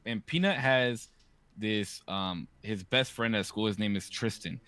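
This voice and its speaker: A man in his thirties hosting a podcast, telling stories in a casual, profane, animated way. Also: fairly low pitch, a little slow, dry recording. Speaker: podcast host. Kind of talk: casual chat.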